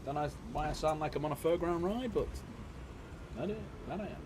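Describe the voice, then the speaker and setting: Jokey livestream host. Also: male voice, fairly high pitch, a little fast, noisy background. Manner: jokey, loud greetings, laughs often. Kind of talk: casual livestream chat.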